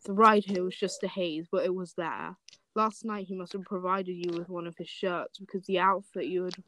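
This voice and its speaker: A woman's voice: fairly low pitch, fairly even intonation, normal speed, a bit bright, a little hiss or hum, rough recording. A young woman casually reading a fanfic aloud, breaking off often to joke and laugh. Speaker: fanfic reader.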